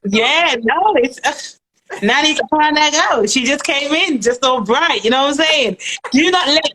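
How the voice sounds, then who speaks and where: Bright, effusive British woman host. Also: sits high, expressive, measured pace, low-quality recording. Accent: British English. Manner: chatty, effusive, slangy. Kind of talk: casual live-stream chat.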